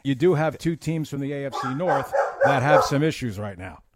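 A man's voice: medium pitch, expressive, moderate pace, heavy background noise. A middle-aged man hosting a sports show from his home office, laughing and talking to his dog. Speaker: sports radio host. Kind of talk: casual chat. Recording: home mic with a barking dog behind.

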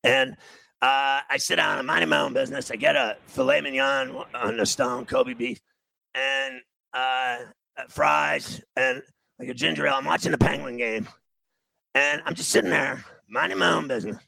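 Gravelly, bright-voiced New man. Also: mid-range voice, expressive, moderate pace, no echo, poor audio. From New York City. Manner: acts out quoted dialogue in his telling. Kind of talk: casual anecdote.

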